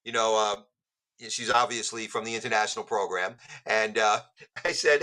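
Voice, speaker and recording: A man's voice: fairly low pitch, little pitch movement, normal speed, pushed and bright, poor audio. A man, a musician guest on a podcast, telling jokey stories in casual chat. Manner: joking storyteller.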